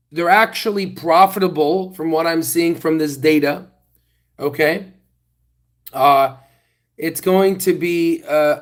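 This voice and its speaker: A man's voice: on the high side, low-quality recording. Tired young man on a phone mic. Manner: rambling, self-deprecating, restarts often. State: tired, sore throat. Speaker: stock channel host. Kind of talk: casual livestream chat. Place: outdoors hot tub. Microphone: phone held in hand.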